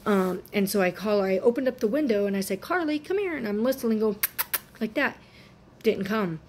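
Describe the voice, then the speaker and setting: A woman's voice: medium pitch, moderate pace, a little mellow, a little hiss or hum. A woman in her thirties with a swollen throat and fever, talking earnestly and rambling in a casual faith vlog. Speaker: Christian vlogger.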